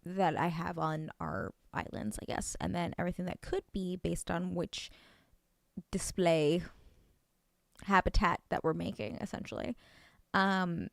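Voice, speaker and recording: A woman streaming a video game in a casual, chatty way, with a gravelly edge to her voice. She gushes excitedly, then slips into soft near-whispers, all recorded close and dry. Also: fairly low pitch, a little slow, no echo. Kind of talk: casual let's-play chat.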